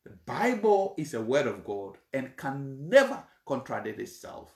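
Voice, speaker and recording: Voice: mid-range voice, very animated, a little slow, vocal fry, roomy sound. A preacher explaining a Bible passage in a sermon, repeating points and checking in with the congregation.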